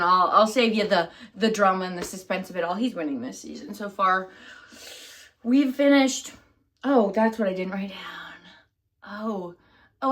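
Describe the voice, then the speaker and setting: A woman vlogger talking straight to camera in a loose, rambling way, full of asides and restarts. Her voice sits at a middle pitch, and she keeps laughing off her own confusion. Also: a bit bright, a little hiss or hum. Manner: scattered and self-deprecating, many fillers and restarts. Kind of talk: rambling casual chat to camera.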